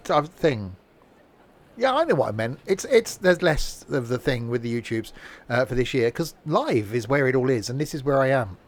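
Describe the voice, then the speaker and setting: A man with a mid-range voice streams a train simulator from his home setup. His commentary is casual and rambling, full of fillers and self-mocking asides.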